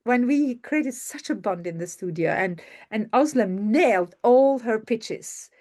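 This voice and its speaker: Speaking a little slowly in a warm, expressive voice on the high side, a woman leads an online masterclass by video call as host and media coach. She recounts success stories with enthusiasm, repeating words for emphasis.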